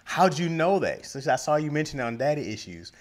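A man's voice: fairly high pitch, big pitch swings, fast talker. A man co-hosting a podcast, telling a casual story and acting out the quoted lines with frequent laughter. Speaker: podcast co-host.

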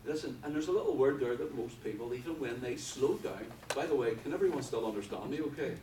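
A man preaching a sermon with fervor, swinging from quiet talk to loud passages. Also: medium pitch, fast talker. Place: church hall. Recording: echoey hall from far off with background noise.

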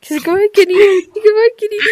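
A woman narrates a game for her viewers in a high, animated voice. She yells at the character, laughs a lot, and swears freely. A faint hiss sits under her voice. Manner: exclamatory, scolding, laughs often, swears freely. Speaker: gaming video creator. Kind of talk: let's play commentary.

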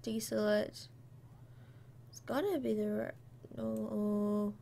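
A woman's voice: medium pitch, fairly even intonation, slow pace, gravelly, warm tone, a little hiss or hum. A young woman playing a game and commenting casually, muttering to herself as she works through puzzles. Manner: muttering to herself, spelling out letters. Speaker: gamer. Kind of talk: casual let's play commentary.

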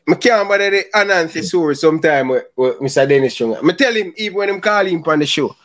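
Jamaican man hosting, high and dry. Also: expressive, quick pace, a bit bright, no echo. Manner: apologetic, laughing often, repeats "brother". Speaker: football talk show host. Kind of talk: casual argumentative chat.

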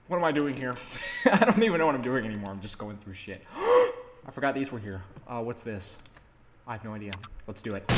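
A young man giving casual, rambling gameplay commentary, cursing often and breaking into loud outbursts. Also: mid-range voice, huge pitch swings, normal speed. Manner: rambling, swears a lot, bursts into loud outbursts. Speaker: gaming video host.

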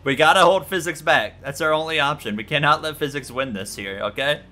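A man giving excitable, jokey let's-play commentary on a racing game, yelping and repeating himself when things go wrong. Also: on the high side, brisk, soft background music. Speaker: gaming YouTuber.

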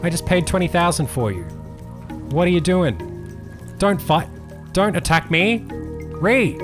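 A man hosting a gaming channel, giving excitable let's play commentary and laughing often. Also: fairly high pitch, a little slow, long pauses, music in the background. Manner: excitable, laughs often, yells when things go wrong.

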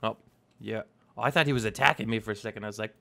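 A man's voice: fairly low pitch, fast, gravelly, pushed and bright. A young man hosting a casual gameplay video, chatting playfully and talking to the animals in the game. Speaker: let's play host.

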